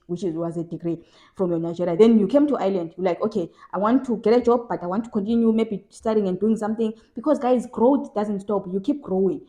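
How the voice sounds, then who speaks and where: A woman's voice: mid-range voice, dark tone. A young woman from South Africa giving casual advice in a vlog, emphatic and repeating phrases for stress. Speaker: vlogger.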